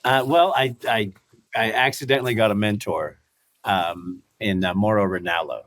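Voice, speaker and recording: A man in his fifties, a guest in a casual interview, telling stories in an animated way, acting out quotes and laughing often. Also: fairly low pitch, normal speed, dry recording. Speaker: guest, former fighter and commentator.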